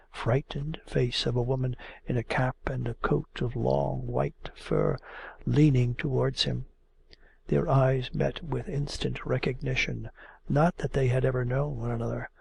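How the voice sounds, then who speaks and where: A man narrating a classic novel as an audiobook, measured and expressive. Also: medium pitch, creaky, slightly rough.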